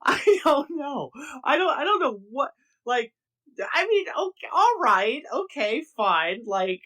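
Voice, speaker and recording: A man's voice: very high-pitched, big pitch swings, slow, pushed and bright. A man co-hosting a podcast in casual chat, reacting a lot and hesitating as he speaks. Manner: reactive, hesitant, lots of fillers and restarts. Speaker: podcast co-host.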